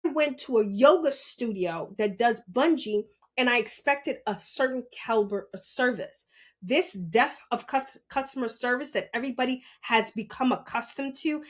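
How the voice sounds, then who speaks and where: A young woman podcast host telling a story as a blunt, animated rant, swearing and asking "you understand?". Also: a little high, moderate pace. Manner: animated, blunt, swears, asks rhetorical questions.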